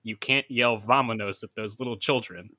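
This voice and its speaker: A man's voice: on the low side, steady tone, normal speed, pushed and bright, no room sound. A man co-hosting a podcast in casual chat, sarcastic and swearing as he argues his points. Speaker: podcast co-host.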